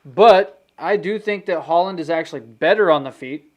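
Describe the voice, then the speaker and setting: A man's voice: fairly high pitch, normal speed. A man co-hosting a casual sports podcast, talking loosely with restarts and asides. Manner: loose and conversational, with restarts and fillers like "you know" and "man". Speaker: podcast co-host. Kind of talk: casual sports prediction chat.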